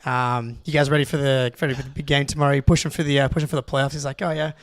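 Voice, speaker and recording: A young Australian man, co-host of a podcast, telling a long story in an excitable, rambling way with lots of restarts. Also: medium pitch, rapid-fire, dry recording. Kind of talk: casual storytelling.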